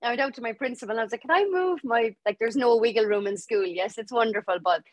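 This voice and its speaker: A young adult Irish woman telling her story as a podcast guest, lively and laughing as she acts out what people said. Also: a little high, very fast, dry recording. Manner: lively, laughing storyteller acting out quoted voices. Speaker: guest author. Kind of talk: storytelling interview.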